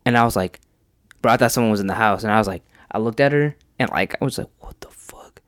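A man's voice: on the low side, fast, fairly bright tone, no room sound, studio quality. A young man in casual podcast chat, laughing often and bantering. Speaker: podcast co-host.

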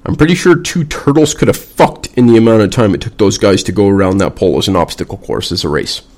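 A man's voice: on the low side, quick pace, a little mellow. A man, a veteran vlogger, delivering a blunt, sarcastic and heavily profane casual rant.

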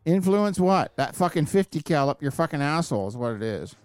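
A man's voice: mid-range voice, expressive, quick pace, clear, resonant tone, dry recording, soft background music. A man hosting a podcast, ranting in a casual, profane chat. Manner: ranting, heavy swearing. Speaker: podcast host.

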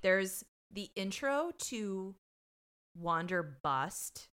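A woman's voice: medium pitch, very slow, smooth. A young woman co-hosting a casual podcast, giggling and acting out quotes as she tells stories. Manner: giggly, acts out quotes, animated storytelling. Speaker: podcast co-host. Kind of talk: casual chat.

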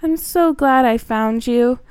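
A woman voicing an older mermaid sister, bossy but caring, with a brisk, reassuring way of talking. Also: on the high side, darkish tone, smooth, dry recording, studio quality.

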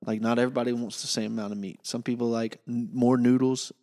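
A man's voice: mid-range voice, fast, big-room sound. A man co-hosting a podcast in casual chat, playful and often unsure of himself. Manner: playful, unsure, lively intonation. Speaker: podcast co-host.

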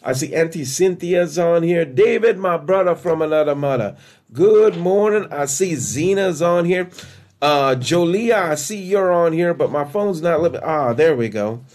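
A man preaching a fervent live-streamed morning devotional, shouting hallelujahs and greeting viewers by name. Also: fairly high pitch, animated, normal speed.

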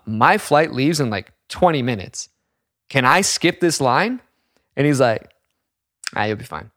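A young man telling a story in casual chat, animated and profane, acting out the people in it. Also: mid-range voice, dry recording, studio quality.

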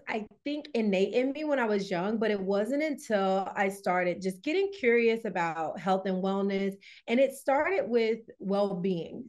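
A woman guest on a podcast, a wellness coach, telling stories in a lively, chatty way with many fillers. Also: mid-range voice. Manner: lively storyteller, laughs often, many fillers. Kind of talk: casual interview chat.

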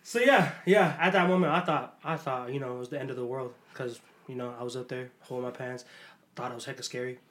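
A young man hosting a podcast, telling a story in a lively, casual way and laughing often. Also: mid-range voice, fast talker. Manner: animated, laughs often while telling stories. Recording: echoey room with faint noise.

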